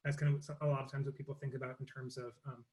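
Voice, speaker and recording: A man's voice: medium pitch, level tone, racing, a little mellow. A young man teaching an interactive voice lesson, explaining in loose bursts and singing vocal exercises.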